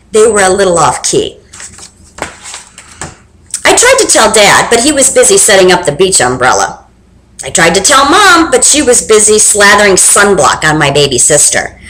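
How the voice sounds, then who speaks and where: Animated woman reading a storybook. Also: medium pitch. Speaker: reader. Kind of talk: children's book read-aloud. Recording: roomy echo.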